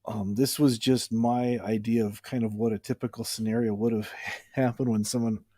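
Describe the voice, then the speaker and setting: Low, mellow-voiced man casually explaining. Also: flat delivery, normal speed, no room sound. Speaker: comedy video creator.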